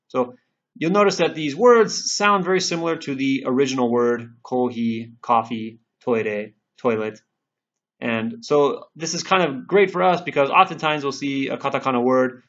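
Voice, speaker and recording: A man's voice: medium pitch, a bit bright, dull audio. A man teaching a language lesson over screen slides, patiently explaining and drilling syllables aloud one by one. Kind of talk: screen-recorded lesson narration.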